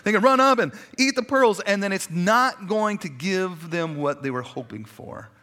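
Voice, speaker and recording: A man's voice: high-pitched, lively intonation, moderate pace, pushed and bright. A man pastor preaching a sermon in a conversational way, stacking repeated phrases for emphasis and dropping in casual asides.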